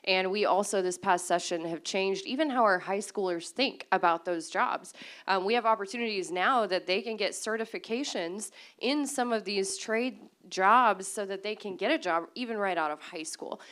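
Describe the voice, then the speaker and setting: A woman speaks as a state legislator on a policy panel. Her voice is smooth and clear at a middle pitch. She answers in an upbeat, chatty way with plenty of fillers. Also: normal speed, fairly bright tone. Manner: upbeat, conversational, many fillers.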